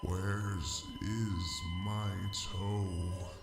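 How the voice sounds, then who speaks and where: A man voicing a menacing toeless corpse-creature, groaning each word in a slow, gravelly drawl. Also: low voice, flat delivery, faint music behind, pitched below the performer's own voice. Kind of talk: scripted horror narration.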